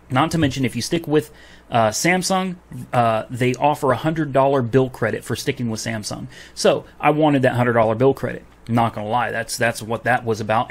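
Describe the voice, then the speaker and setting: Angry man ranting about a refund. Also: medium pitch. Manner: heated, swears, recounts dialogue. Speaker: vlogger. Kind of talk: angry customer rant to camera.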